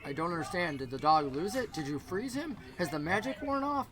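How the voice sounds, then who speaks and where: A man's voice: high voice, animated, brisk, pitched below the performer's own voice, rough recording. A man playing a doubtful, weary brother who dismisses his sister's magic. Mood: skeptical.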